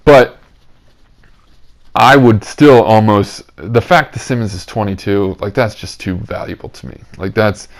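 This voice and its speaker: A man's voice: lowish voice, a little slow. A young man hosting a casual podcast, talking in rambling, filler-heavy, upbeat bursts. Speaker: podcast host. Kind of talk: casual chat.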